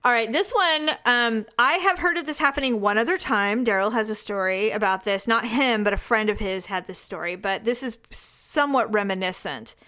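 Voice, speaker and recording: Middle-aged woman podcast co-host, animated storyteller, fairly high pitch, laughs a lot. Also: moderate pace, hardly any pauses, clean tone. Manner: laughs often, animated storytelling with acted quotes. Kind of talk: casual chat, reading listener stories.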